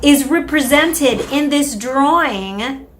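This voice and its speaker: Her voice sits high and is expressive, with a slow pace and a little hiss or hum on the recording. She's a speech therapist in an instructional video, explaining a language activity to parents and sing-songing the model words in an exaggerated way.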